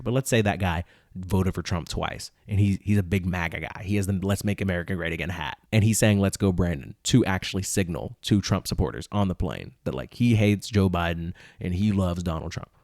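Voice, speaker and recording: Incredulous young man ranting, low voice. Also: a little mellow, no room sound, clean studio sound. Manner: incredulous, ranting, mock voices for imagined people. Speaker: podcast host. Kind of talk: casual commentary reading tweets.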